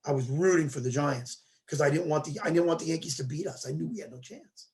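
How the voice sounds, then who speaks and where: This is a man with a fairly high voice, hosting a casual sports talk show. He tells his stories with energy and slips into acting out the things people said. His delivery is loose and conversational. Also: fast. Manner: animated storyteller who acts out quoted dialogue.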